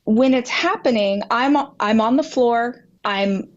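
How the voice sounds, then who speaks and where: A woman guest on a podcast telling a personal story with animated delivery, acting out dialogue with big jumps in pitch. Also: slow pace, dull audio. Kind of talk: candid storytelling in a podcast interview.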